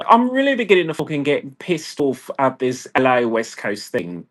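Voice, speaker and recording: A man's voice: a little high, sing-song, normal speed, few pauses, a bit bright. A man in an agitated, profane, rambling personal rant, talking to camera. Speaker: vlogger. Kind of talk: ranting personal monologue.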